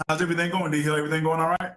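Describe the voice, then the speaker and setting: A man's voice: a little high, level tone, racing, fairly bright tone, low-quality recording. A man hosting an educational talk show, speaking upbeat to the listeners as folks. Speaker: podcast host.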